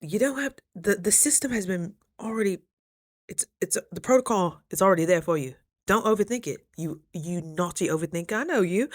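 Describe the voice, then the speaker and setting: A young woman talking casually in a motivational vlog, chatty and animated, jumping high when she quotes people. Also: a little fast. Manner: chews while talking at times. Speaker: vlogger.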